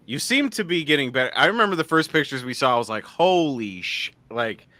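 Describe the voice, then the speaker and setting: Guy hosting a live chat, reacts a lot, bright voice, super dry sound. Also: medium pitch, sing-song, fast talker, dry recording. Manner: reactive, exclaiming, asks follow-up questions. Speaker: host. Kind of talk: casual live-stream chat.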